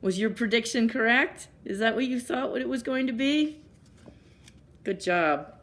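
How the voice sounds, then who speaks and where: A woman librarian reading picture books aloud at story time, gently pausing to ask children questions. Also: a little high, expressive.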